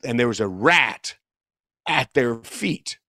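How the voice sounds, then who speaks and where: A man's voice: mid-range voice, expressive, slow, bright, forceful tone, dry recording, clean studio sound. A man in his fifties telling a long story in casual conversation, rambling and correcting himself, laughing as he goes. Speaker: guest musician.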